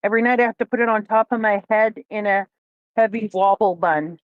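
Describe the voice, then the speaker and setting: A woman's voice: mid-range voice, a little fast, dry recording, dull audio. A middle-aged woman co-hosting a casual chat with her son, playful and goofy, swearing freely. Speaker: co-host, mother of the host.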